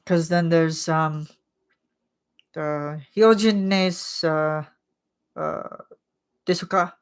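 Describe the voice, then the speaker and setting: A woman's voice: sits low, very slow, clean tone. A woman hosting a casual chat vlog, rambling with lots of filler words and frequent laughs. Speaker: channel host.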